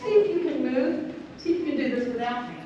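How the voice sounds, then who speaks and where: A woman's voice: sits high, animated, fast talker, mellow, muffled recording, soft background music. A woman clinician coaching a string orchestra in rehearsal, counting beats aloud, singing counts and quizzing the players. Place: large convention rehearsal hall. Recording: echoey hall from far off.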